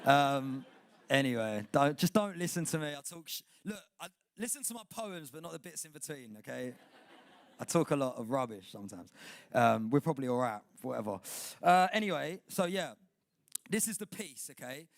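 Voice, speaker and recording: A man's voice: mid-range voice, expressive, moderate pace, creaky, no echo. A young man performing spoken word poetry live, chatty and rambling between poems, rhythmic when reciting. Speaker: performing poet. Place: indoor poetry night venue.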